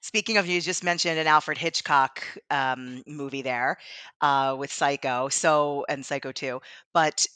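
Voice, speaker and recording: Bright-voiced, giggly woman co-host. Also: deep voice, steady tone, unhurried, clean tone, no echo. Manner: chatty, laughs often while telling stories. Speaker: podcast co-host. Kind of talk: casual chat.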